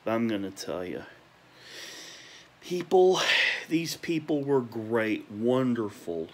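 A young man at home at night, ranting emotionally about people he misses and repeating warm praise, sometimes talking quietly. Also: mid-range voice, lively intonation, takes it slowly. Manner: emotional, repetitive, listing names with gushing praise; talking quietly at times because parents are asleep. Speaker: vlogger. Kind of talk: nostalgic rant to camera.

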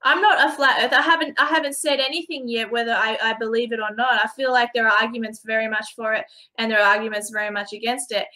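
A woman from Australia interviewing a guest, quick to laugh and apologize. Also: a little high, fairly even intonation, bright, forceful tone. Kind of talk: casual interview.

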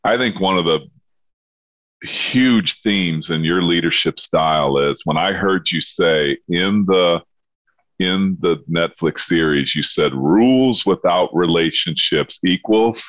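Deep voiced podcast host guy, hyped about the guest's ideas, slightly dull audio. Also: takes it slowly, a bit bright, no echo. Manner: enthusiastic, quotes back ideas, says "dude". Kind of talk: casual podcast interview.

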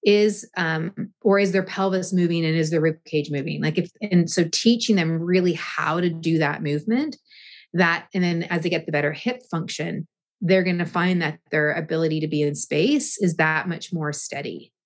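Slow, deliberate woman, lowish voice. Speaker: yoga and movement teacher, guest. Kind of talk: thoughtful interview answers.

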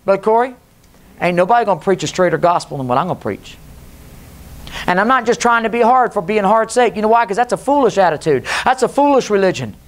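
Preacher man, loud and low by turns. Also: animated, quick pace. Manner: preachy, swings between loud and low, mocks voices. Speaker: pastor. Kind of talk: Pentecostal sermon. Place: church sanctuary.

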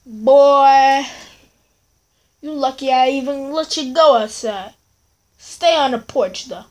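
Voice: mid-range voice, animated, takes it slowly, a little hiss or hum. A young performer voicing a strict mother who scolds her son in a comedy skit, stern and dismissive. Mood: scolding.

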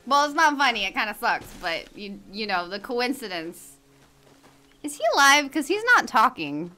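A woman's voice: a little high, big pitch swings, moderate pace, pushed and bright. A woman streaming a game in casual chat, greeting viewers by name and laughing often. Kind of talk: casual livestream chat while gaming.

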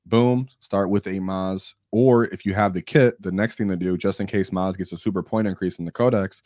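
A young man hosting a casual gaming live stream, energetic and opinionated, hyping things up and acting out quotes. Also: deep voice, moderate pace, dry recording, clean studio sound. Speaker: stream host.

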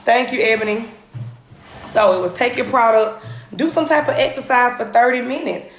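A woman, coaching viewers on a live phone video from home, energetic and repeating her points. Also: on the high side, normal speed, soft background music. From Atlanta area, US. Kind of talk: live social media coaching. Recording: roomy phone recording.

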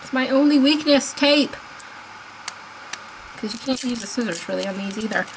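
A woman chatting casually as she unboxes toys, gushing and excitable, laughing often. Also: a little high, moderate pace, a little hiss or hum, rough recording. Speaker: unboxing vlogger.

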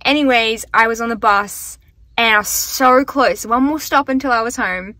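A chatty young woman rambles through her vlog diary with plenty of "like", her voice bright and forward. She sounds worn out and queasy, talking into a handheld phone. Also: a little high, moderate pace, no room sound. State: tired and weak from illness. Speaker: vlogger. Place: bus, then a car.

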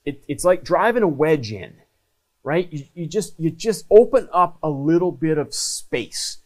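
A man's voice: on the high side, animated, a little slow. A man hosting a talk, giving earnest, conversational advice in short repeated phrases. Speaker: host and trainer. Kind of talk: casual advice monologue.

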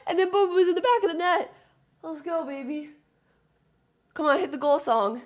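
Young woman fan chattering through a hockey game, voice jumps all over, kinda high. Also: fairly quick, long pauses. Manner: excitable, chatty, cheers loudly at goals. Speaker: sports fan streamer. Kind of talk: live reaction commentary.

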